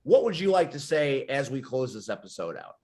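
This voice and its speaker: A man's voice: medium pitch, very animated, fairly quick, darkish tone. A man hosting a wrestling talk show, teasing his guests. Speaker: host.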